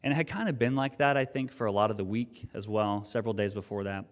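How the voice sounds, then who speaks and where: A man's voice: lowish voice, fast. A man preaching a sermon, telling a personal story in an earnest, conversational way with frequent restarts. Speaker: pastor. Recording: long reverb of a hall.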